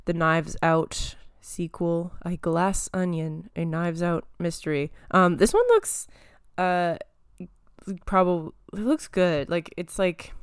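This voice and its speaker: Speaking at a slow pace, a young podcast host drifts through pop-culture news on movies and TV, full of fillers and giggles. Her slightly low, clean voice carries a touch of phlegm and is recorded up close, dry, without any room sound.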